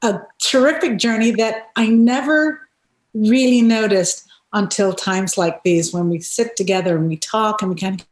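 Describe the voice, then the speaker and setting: A woman's voice: medium pitch, normal speed. A woman on a video call panel, speaking reflectively and searching for her words. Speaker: actor on a reunion panel. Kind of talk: casual panel chat. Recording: roomy video call audio.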